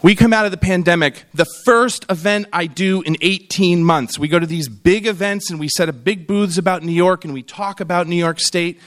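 This keynote speaker, a middle-aged man with a high-pitched voice, keeps a moderate pace with hardly any pauses. His funny talk is full of stories where he performs the quoted voices of the characters.

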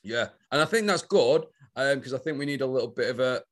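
A man with a Manchester accent co-hosts a podcast among old friends. He teases the others and tends to get louder as he rants. His voice sits in an ordinary middle pitch. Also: lively intonation, noisy background. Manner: teasing, quick to rant. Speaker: podcast co-host. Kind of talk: casual chat among friends.

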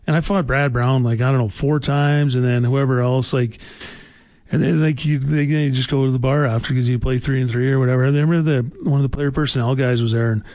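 A man's voice: medium pitch, steady tone, fairly quick, darkish tone, no room sound. A man in his forties, a former hockey player, telling rambling stories full of fillers in a casual talk show chat. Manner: rambling, filler-heavy anecdotes. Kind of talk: casual storytelling.

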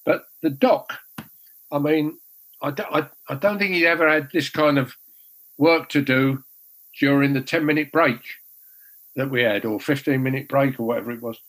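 A man's voice: mid-range voice, normal speed, fairly bright tone, low-quality recording. An older man, a former goalkeeper telling rambling, self-deprecating stories with many restarts. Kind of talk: casual anecdote telling.

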